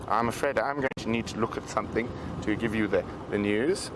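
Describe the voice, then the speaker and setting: A man's voice: lowish voice, fairly quick. A man hosting a live safari drive from an open vehicle, chatting and reading out viewer comments. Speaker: safari guide and live show host. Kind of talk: live safari broadcast chat. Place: open vehicle outdoors in the bush. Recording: loud vehicle and outdoor noise.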